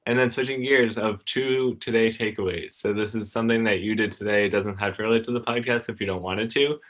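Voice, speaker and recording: Young male podcast host, very low voice, upbeat, lots of "like". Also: fairly even intonation, fast talker, a bit bright. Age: young adult. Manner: upbeat, filler-heavy, guides the guests through segments. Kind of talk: casual podcast chat.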